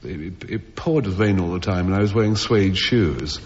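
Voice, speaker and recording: A man's voice: deep voice, moderate pace. A man on a comedy panel show telling a rambling comic anecdote to a theatre audience, with chuckles and restarts. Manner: rambling, self-interrupting storyteller with chuckles. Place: theatre stage before an audience. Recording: old lo-fi radio broadcast with hall reverb.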